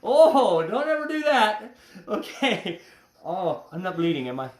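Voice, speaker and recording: A man's voice: high-pitched, sing-song, unhurried. A man hosting an educational animal show, chatting playfully and cracking jokes as he handles the animals. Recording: roomy echo.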